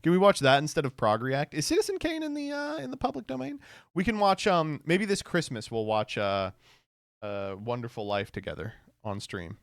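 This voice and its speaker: A man streaming and reacting to posts, laughing a lot and swearing freely. His voice swings widely in pitch. The recording is dry and close, with no room echo. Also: moderate pace. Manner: animated, laughs often, swears.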